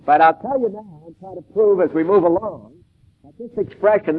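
A man giving an expository sermon in a measured, deliberate way, with emphatic stresses and pauses. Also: high voice. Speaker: preacher. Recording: tinny phone-like old tape recording.

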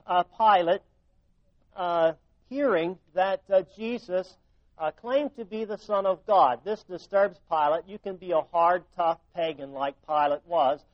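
A man preaching a sermon, sinking to hushed tones and then rising to loud, emphatic passages. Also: sits high, no room sound, dull audio. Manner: dynamic preaching, drops to near-whispers and rises to loud emphasis. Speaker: pastor.

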